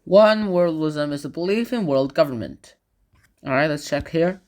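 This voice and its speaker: A man's voice: on the high side, expressive, normal speed, a little mellow. A man giving a casual educational commentary, rambling with fillers and dropping sarcastic asides. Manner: loose, rambling phrasing with fillers. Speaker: video lecturer.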